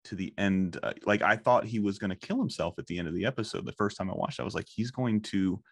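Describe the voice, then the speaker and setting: A man in his thirties, a guest gushing about a cartoon in casual chat, excitable and close to tears, swearing freely. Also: deep voice, fast talker, gravelly, husky, no echo. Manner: emotional, swearing, excitable storytelling. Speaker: guest, fan of the show.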